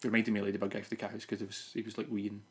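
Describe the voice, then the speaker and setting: Man, podcast co-host, casual film chat, rapid, rambling. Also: lowish voice, slightly rough. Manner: rambling, animated, lots of restarts.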